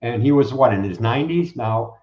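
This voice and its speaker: A man guest preaches in casual chat, lively and acting out quoted speakers. His voice sits at a middle pitch. The recording is roomy and dull, like a lo-fi line. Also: brisk. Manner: animated, acts out quoted speakers. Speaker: guest, Bible teacher.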